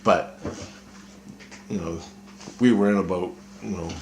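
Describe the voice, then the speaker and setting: A deep, low-pitched man telling a long personal story to camera. He talks loosely and profanely, often trails off mid-thought, and is backed by a faint ambient hum. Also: fairly even intonation, a little slow, echoey room. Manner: casual, profane, trailing off with fillers. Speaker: vlogger. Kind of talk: rambling personal monologue.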